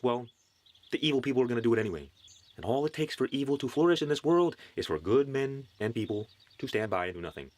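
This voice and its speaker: Man, mid-pitched, preachy spiritual motivator with dry jokes. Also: a little mellow. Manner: preachy, earnest, wry asides.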